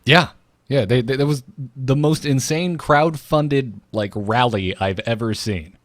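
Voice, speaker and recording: A man's voice: medium pitch, unhurried, dry recording. A man with a slight Florida drawl co-hosting a gaming podcast, chatty and joking with lots of fillers. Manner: chatty, jokey, many fillers and restarts. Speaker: podcast co-host. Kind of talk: casual chat.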